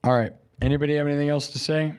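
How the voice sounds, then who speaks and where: Man hyping his chat, higher-pitched. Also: steady tone, racing, clean tone. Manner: boastful, repetitive hype, swinging between loud declarations and quiet musing. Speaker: live streamer host. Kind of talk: livestream sign-off pep talk.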